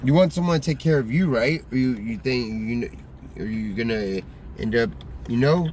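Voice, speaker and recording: A man's voice: fairly low pitch, a little mellow, slight background noise. Rambling slangy man streaming from a car. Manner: rambling, loose slangy talk with many fillers. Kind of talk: casual mobile livestream chat.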